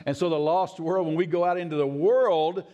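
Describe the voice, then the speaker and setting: Animated male pastor in a reverberant sanctuary. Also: moderate pace, lo-fi sound. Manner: animated, swings from high excited bursts to low quiet emphasis; folksy, laughs often, acts out his own past words. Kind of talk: sermon. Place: church sanctuary. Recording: long reverb of a church sanctuary.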